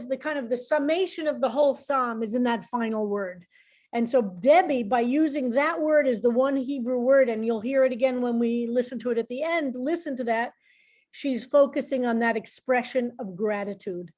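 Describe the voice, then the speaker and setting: A woman's voice: high voice, moderate pace, a little mellow. A middle-aged woman rabbi teaching a psalm class in an informal, explanatory way, often restarting her sentences.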